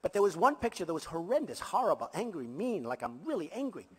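A man's voice: high-pitched, big pitch swings, fast, husky. A man giving an emphatic campaign rally speech as a political candidate, repeating his points and adding boastful asides. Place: large rally venue before a crowd. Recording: long reverb of a big hall.

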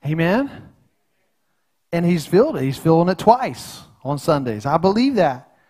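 A man's voice: a little high, big pitch swings, measured pace, darkish tone. A middle-aged man preaching a sermon in his church in an earnest, folksy way, often repeating and restarting his words. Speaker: pastor. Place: church sanctuary.

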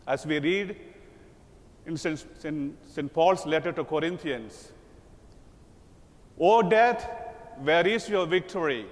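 A man preaching a sermon as a priest, slow and emphatic, voicing quoted lines with dramatic lift. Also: a little high. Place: large church. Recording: long church reverb.

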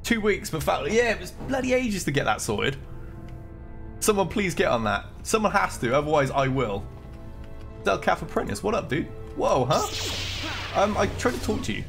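A man's voice: sits high, big pitch swings, moderate pace, gravelly, a bit bright, soft background music. Jittery man streaming a game. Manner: chatty, jokey, reads game dialogue aloud. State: jittery from coffee. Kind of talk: live gameplay commentary.

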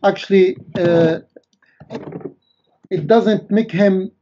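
Brief: man, slow halting replies, high voice, distant dull recording. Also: fairly even intonation, mellow, slight background noise. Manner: hesitant, many fillers, halting. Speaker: Muslim debater.

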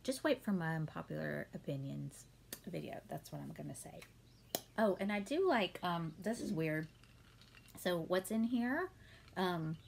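Woman in her thirties, home vlogger, casual Q&A, gravelly fry, faint hiss behind. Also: fairly low pitch. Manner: chatty, warm-hearted, many ums and laughs. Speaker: beauty vlogger answering viewer questions. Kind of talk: casual Q&A chat.

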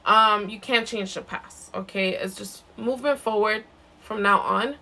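A woman giving a live zodiac card reading in a gentle, reassuring way, repeating herself and often checking in with "okay?". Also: medium pitch, measured pace. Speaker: intuitive card reader.

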